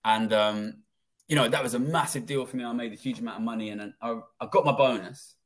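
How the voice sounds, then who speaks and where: A man's voice: mid-range voice, fast. Man, thirties, from england, interview guest, blunt and swearing, acts out old conversations. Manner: blunt and profane, acting out quoted dialogue. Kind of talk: casual interview storytelling.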